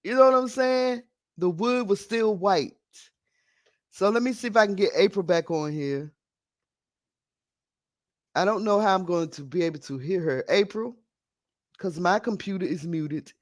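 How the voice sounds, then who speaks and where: A man with a fairly high voice hosts a casual live stream, chatting to viewers. He rambles a bit and sounds scattered as he works on his setup. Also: a little slow, long pauses. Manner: scattered and chatty, talking to viewers while fixing audio. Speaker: live stream podcast host.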